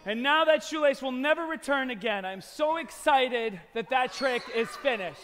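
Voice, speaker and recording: High, excitable man on a reverberant stage. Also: normal speed, few pauses. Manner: loud, excitable, playfully shouting at the audience. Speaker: family magician. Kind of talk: live slapstick magic show for children. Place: concert hall stage. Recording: long hall reverb.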